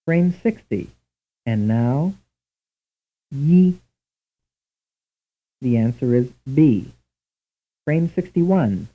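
Slow, husky man reading lesson drills. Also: mid-range voice, animated. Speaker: language instructor. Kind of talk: scripted programmed-lesson narration. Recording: tinny, lo-fi old tape.

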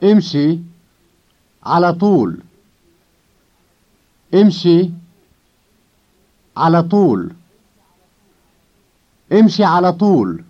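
A man speaking slow drill phrases with deliberate, careful enunciation. His voice sits fairly high and swings widely in pitch. The old course recording sounds dull and lo-fi. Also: sing-song, darkish tone. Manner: deliberate, clearly enunciated repetitions. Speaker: native-speaker model voice in a language course.

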